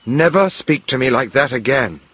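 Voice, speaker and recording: A man's voice: medium pitch, expressive, moderate pace, a bit bright, husky, voice pushed up. A man voicing a proper young wife who answers firmly and coldly, with his voice lifted a little.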